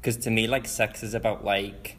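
A man's voice: fairly low pitch, flat delivery, moderate pace, fairly bright tone, slight background noise. A young man, a podcast co-host, talking earnestly in casual chat with lots of "like". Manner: earnest, filler-heavy with lots of "like".

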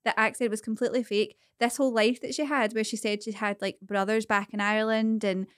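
Woman podcast co-host, animated gossipy storyteller, dry close mic. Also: on the high side, a little fast, clear, resonant tone, no echo. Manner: animated storyteller, chatty, laughing often. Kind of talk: casual chat.

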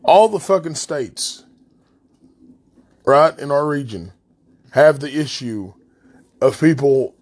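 A man's voice: a little high, expressive, slow, long pauses, a little mellow. A man from the West Virginia coal fields with an Appalachian accent, hosting a podcast as a blunt, angry, heavily profane solo rant. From southern West Virginia coal fields. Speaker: podcast host.

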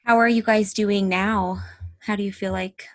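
A woman hosting a podcast interview. She speaks gently in a middle register. She keeps her questions short. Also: mid-range voice, steady tone, normal speed. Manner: gentle, brief backchannel questions. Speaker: podcast host.

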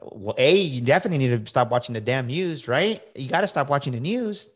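A middle-aged man talks in a casual, emphatic way as a podcast guest coaching listeners. He stumbles and repeats words as he pushes his point, and he keeps asking "right?" to check they are with him. His voice sits at an ordinary pitch for a man. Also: animated, fairly quick. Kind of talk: casual motivational talk.

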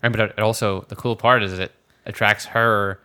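A man's voice: lowish voice, fairly even intonation, normal speed, bright, forceful tone, clear, resonant tone. A man from the Philadelphia area chatting casually about a film as a podcast co-host, rambling with frequent restarts. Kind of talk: casual movie discussion.

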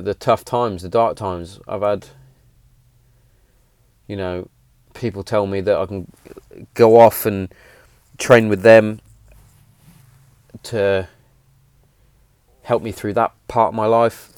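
A man in his thirties, voice on the low side and a little mellow, comes across clean and dry. In his home shed he hosts his own podcast, giving a casual, heartfelt monologue that's earnest, emphatic, rambling and full of swearing.

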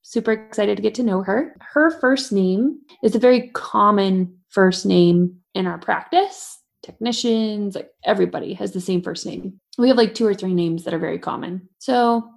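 A woman in her thirties, a veterinarian, chatting casually on a podcast and acting out quotes in animated stories. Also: mid-range voice, normal speed, creaky, hardly any pauses. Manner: animated storyteller, acts out quotes.

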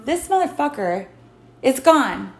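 A woman hosting a casual podcast, venting with lots of swearing in animated storytelling. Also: high-pitched, slow pace. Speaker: podcast host. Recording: echoey room.

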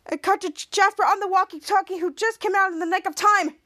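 A woman hosting a podcast, retelling an episode scene by scene in a casual, rambling way. Her voice is very high, and she often stops and restarts her sentences. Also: fairly even intonation, fast talker, few pauses, bright, forceful tone. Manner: rambling, self-correcting retelling. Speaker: podcast host.

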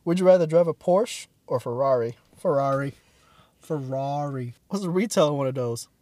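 A woman's voice: rumbling low, moderate pace, warm tone, no room sound. A young woman co-hosting a casual chat podcast, joking, swearing and laughing a lot. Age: young adult. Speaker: podcast co-host.

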